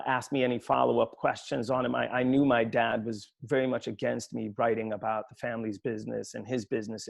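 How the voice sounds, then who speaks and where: A man, an author from Sweden, tells a personal story at an online book talk in a reflective, halting way, often restarting his sentences. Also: mid-range voice, gravelly.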